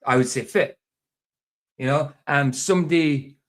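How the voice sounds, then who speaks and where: A man's voice: mid-range voice, moderate pace, a bit bright. A man with a broad Doric Scottish accent from northeast Scotland, chatting casually, laughing often and repeating himself. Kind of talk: casual chat.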